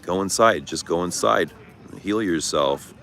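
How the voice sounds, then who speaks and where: A middle-aged man with a deep, slightly bright voice and some vocal fry hosts a livestream outdoors, traffic humming behind him. At a measured pace he reads viewer comments and answers them frankly and casually, swearing now and then.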